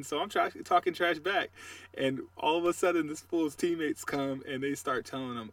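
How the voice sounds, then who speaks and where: A man co-hosting a sports podcast, chatting casually and telling animated, trash-talking stories. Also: a little high, normal speed, no echo, distant mic. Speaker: podcast co-host.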